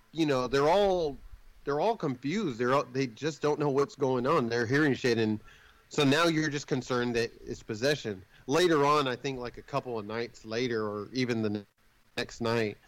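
A man's voice: mid-range voice, fairly bright tone, dry recording, low-quality recording. A man casually recapping a movie plot in a rambling way, swearing now and then and jumping in and out of the characters' voices.

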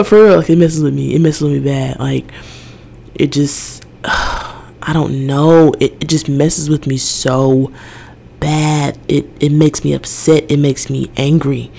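A young woman hosting her own podcast, talking through her feelings in a loose, rambling monologue. Her voice has a gravelly, creaky edge, and she leans on "like" constantly as she circles her thoughts. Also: low-pitched, steady tone, slow pace, mellow. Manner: emotional, rambling, heavy use of "like". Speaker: podcast host. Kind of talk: casual personal monologue.

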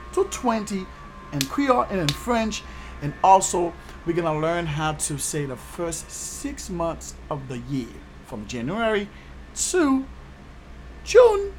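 Lively, slow-paced upbeat language teacher. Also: medium pitch. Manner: upbeat, repeats words slowly for learners. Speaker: language teacher and channel host. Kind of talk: casual online language lesson.

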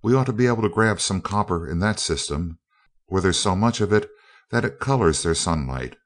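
A man's voice: deep voice, lively intonation, brisk. A brash, breezy young adventurer, as a man reads him. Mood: eager. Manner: breezy, slangy, confident.

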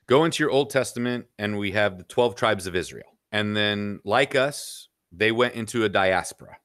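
A man's voice: fairly low pitch, a bit bright, clean tone, dry recording, clean studio sound. A middle-aged man talking bluntly and at length as a podcast guest, peppering his points with "you know". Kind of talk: casual opinionated chat.

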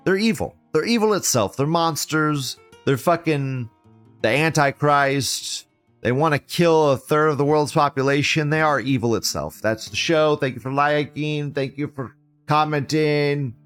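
A man hosting an online show, reading forum posts aloud and reacting with heavy swearing and sarcasm, moving between loud mockery and low muttering. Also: measured pace, faint music behind. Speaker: livestream show host.

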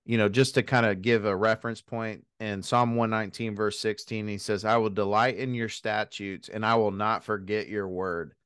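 Smooth, resonant low-voiced man. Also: steady tone, fairly bright tone, dry recording, clean studio sound. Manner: thoughtful, measured, chuckles lightly. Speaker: podcast co-host. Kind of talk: casual Bible discussion.

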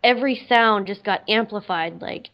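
A woman's voice: medium pitch, moderate pace. A woman casually telling a personal story, rambling with many "like" fillers. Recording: slightly dull lo-fi audio.

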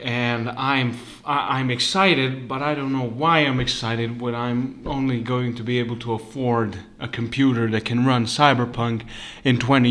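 A man hosting a podcast on his own from his living room, rambling and swearing, jumping between loud bursts and hushed asides. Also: mid-range voice. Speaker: podcast host. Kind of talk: casual rant.

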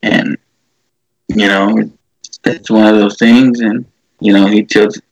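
Guy with a gravelly voice retelling a movie, lots of um and you know, dry mic. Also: lowish voice, flat delivery, slow pace, dry recording, rough recording. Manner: rambling, many fillers and restarts, acts out quotes. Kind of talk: casual chat, retelling a movie.

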